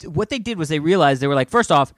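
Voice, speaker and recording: A man's voice: a little high, animated, fast talker, dry recording, studio quality. A hungover man co-hosting a podcast, rambling and swearing freely in casual chat. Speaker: podcast co-host.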